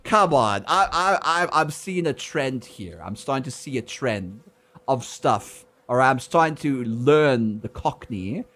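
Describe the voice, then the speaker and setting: A man's voice: medium pitch, lively intonation, unhurried, fairly bright tone. A man casually commentating a video game on stream, rambling and joking with a lot of laughter. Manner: giggly, rambling, mock-teasing.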